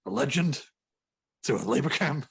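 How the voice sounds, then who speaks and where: A man's voice: mid-range voice, animated, measured pace, vocal fry, breathy edge, no room sound, pitched above the performer's own voice, full character voice. A man impersonating an exasperated male wrestling promoter, ranting and cursing.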